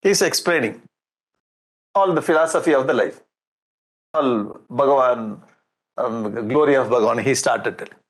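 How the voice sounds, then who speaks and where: A man with an Indian English accent giving a lively spiritual discourse, jovial and often chuckling as he acts out scenes. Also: mid-range voice, moderate pace, long pauses. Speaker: swami giving a scripture discourse.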